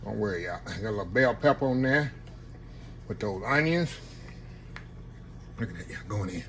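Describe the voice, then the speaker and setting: A man with a fairly low, animated voice talks at normal speed, leaving long pauses, his tone fairly bright over a little hiss or hum. He hosts a casual cooking-channel eating vlog from his home kitchen, folksy and chatty, saying "y'all" often and savoring each bite aloud. A camera on a tripod picks him up.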